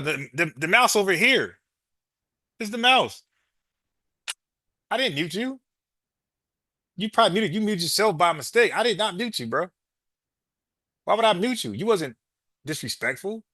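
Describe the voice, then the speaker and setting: A man's voice: high voice, bright, forceful tone, no room sound, clean studio sound. A man hosting a podcast, arguing with a caller, repeating his points and calling him bro. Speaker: podcast host. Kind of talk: heated call-in debate.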